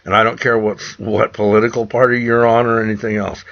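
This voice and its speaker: A man's voice: lowish voice, level tone, brisk, vocal fry. A man from the United States speaking straight to camera in an urgent, preachy rant, often repeating himself. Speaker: vlogger. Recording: dull lo-fi recording.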